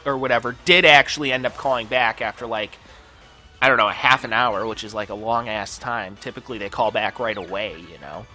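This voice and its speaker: A man's voice: medium pitch, sharp tone. A man hosting a gaming channel, telling a long personal story over gameplay in a casual, profane, ranting way full of filler words.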